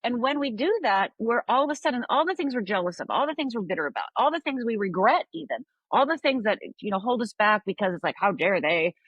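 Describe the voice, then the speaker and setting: Husky woman telling a story animatedly. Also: fairly high pitch, quick pace, hardly any pauses, no room sound, dull audio. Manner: animated storytelling, often adds "right?". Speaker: life coach guest. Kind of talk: conversational podcast interview.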